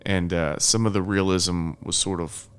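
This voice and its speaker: A man's voice: low-pitched, fairly even intonation, normal speed, smooth. A man co-hosting a film review podcast in casual chat, laid-back and frank, often chuckling between his points. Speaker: podcast co-host.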